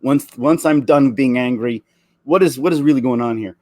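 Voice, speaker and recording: A man in his forties delivering an earnest, emotional opinion rant, halting and restarting his sentences. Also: mid-range voice, a little mellow, no echo, clean studio sound. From Canada. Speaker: vlogger.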